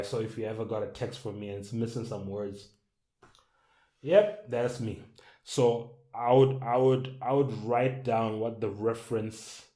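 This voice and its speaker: A man's voice: fairly low pitch, warm tone, reverberant. A man who writes songs, talking casually to camera in a loose, rambling way. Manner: loose, rambling, hums and sings melody ideas. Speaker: songwriter.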